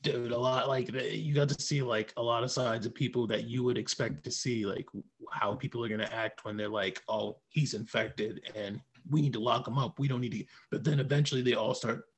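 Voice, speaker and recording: Male co-host, gravelly and husky, excitable casual talker. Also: mid-range voice, brisk, hardly any pauses. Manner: excitable, swears, acts out quotes. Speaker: podcast co-host. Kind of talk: casual review chat.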